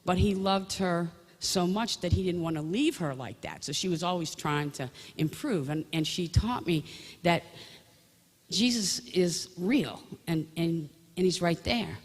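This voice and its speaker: A woman's voice: on the low side, measured pace, breathy edge. Woman telling a faith story in a reverberant hall. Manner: conversational storytelling with frequent restarts. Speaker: speaker sharing a personal faith story. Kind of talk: personal testimony talk. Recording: long reverb of a large hall.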